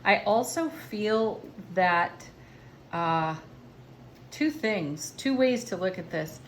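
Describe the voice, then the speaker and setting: Tarot reader lady, soft spiritual encouraging way of talking, medium pitch. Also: expressive, slow pace, a little hiss or hum. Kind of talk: tarot card reading.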